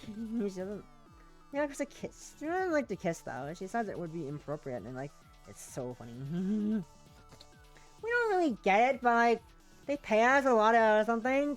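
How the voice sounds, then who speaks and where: A woman reading a game's text as a giddy, clingy, obsessive girl, rambling with lots of "like". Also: a little high. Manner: breathless valley-girl rambling, full of "like".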